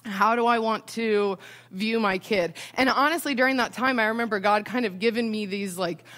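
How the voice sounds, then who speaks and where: A young woman with a somewhat high voice talks through faith and parenting in a loose, conversational way. She leans on "um" and "right?" as she goes. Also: moderate pace, a bit bright. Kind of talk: casual Christian parenting talk.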